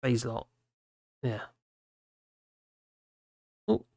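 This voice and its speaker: Tired host of a live stream, gravelly and mumbling, on a dry close mic. Casual and rambling, with halting restarts. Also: mid-range voice, big pitch swings, mellow, no room sound. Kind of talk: casual live stream commentary reading out chat.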